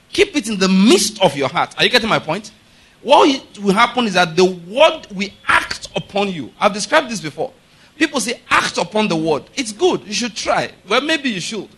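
Preaching a sermon, this middle-aged pastor has a high, bright voice with a breathy edge. His delivery is emphatic, broken by frequent questions asking if the congregation follows him, and he drives his points home through firm repetition.

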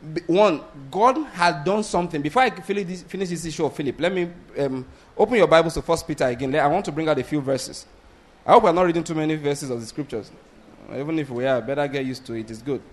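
A man preaching a sermon, blunt and animated, often asking the congregation whether they get his point. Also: fairly high pitch. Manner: animated, blunt, asks the congregation rhetorical questions; laughs between points, restarts sentences.

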